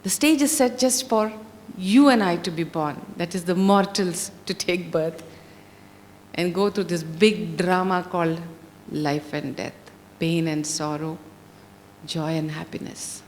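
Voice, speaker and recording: Slow devotional woman storyteller. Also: lowish voice, slight background noise. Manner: slow, deliberate, expressive. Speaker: spiritual storyteller. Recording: long hall reverb.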